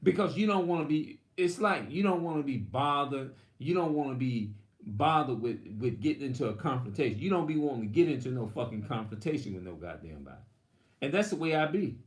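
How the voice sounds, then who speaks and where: A man's voice: medium pitch, lively intonation, a little fast, echoey room. A man preaching in a rambling, heated, profane monologue. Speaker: religious video host.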